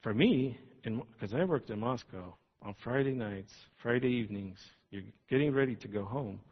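A man preaching a sermon in an earnest, reflective way, pausing and restarting as he talks. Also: mid-range voice. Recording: dull lo-fi sound.

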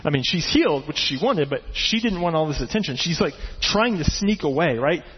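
A man's voice: on the high side, fairly quick, a little hiss or hum. Preaching man in a reverberant hall. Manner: animated storytelling, acting out voices. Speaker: pastor. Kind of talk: sermon. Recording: dull, echoey hall recording.

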